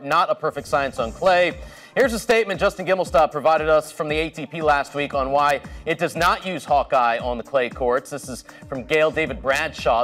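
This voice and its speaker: Guy hosting a sports show, kinda high voice, reads it out then asks the panel. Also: fairly bright tone. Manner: scripted, poses the debate question. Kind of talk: presenting a segment.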